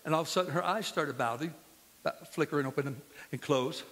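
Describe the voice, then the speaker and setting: A man's voice: on the high side, quick pace, a bit bright, big-room sound. A man preaching a sermon as pastor, impassioned and full of storytelling, in a church sanctuary.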